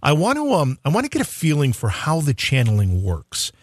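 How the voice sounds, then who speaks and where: A man's voice: on the high side, wildly swooping pitch, a little fast, no echo, studio quality. A man hosting an interview show, asking follow-up questions and giving short affirmations. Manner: engaged, with brief affirmations. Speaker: show host.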